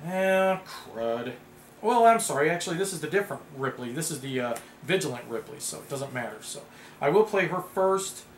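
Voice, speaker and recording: A man casually playing a tabletop card game, reading card text aloud with bursts of excited outcries. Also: a little high, moderate pace. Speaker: board game player. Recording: echoey room with background noise.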